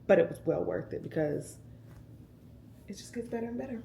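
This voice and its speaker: A woman's voice: on the low side, animated, normal speed, pauses often, darkish tone, a little hiss or hum. Laid-back woman vlogging. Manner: chatty, laid-back, addresses viewers as y'all. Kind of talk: casual vlog chat to camera. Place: at home, indoors. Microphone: handheld camera.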